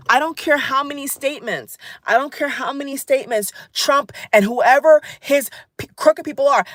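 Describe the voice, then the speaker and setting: An upset woman vents straight to her audience, her pitch swinging widely as she hammers each point home by repeating it. She sits a little high in her register, and the sound is close and dry. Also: fairly bright tone, dry recording. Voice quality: emphatic, repeats phrases, addresses viewers as guys. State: angry and upset. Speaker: vlogger. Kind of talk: angry political rant to camera.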